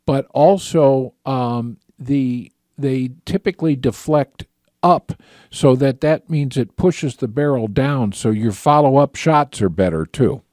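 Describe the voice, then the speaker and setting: Call-in radio host, male, mellow dark voice, dry close mic, easygoing rambling delivery. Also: mid-range voice, slow pace, no room sound. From Michigan. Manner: casual, chatty, many fillers and restarts.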